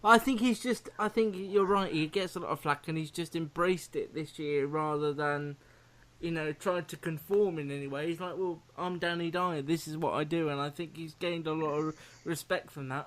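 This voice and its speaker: A playful man hosts a casual chat and teases his guest. His voice sits a little higher than most men's. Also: moderate pace. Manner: playful, teasing. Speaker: host.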